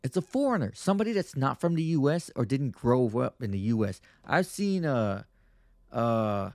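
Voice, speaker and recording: A man's voice: mid-range voice, animated, normal speed, darkish tone, no room sound, studio quality. A man hosting a podcast, telling stories in a crude, rambling way with lots of profane slang. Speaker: podcast host. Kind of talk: casual podcast monologue.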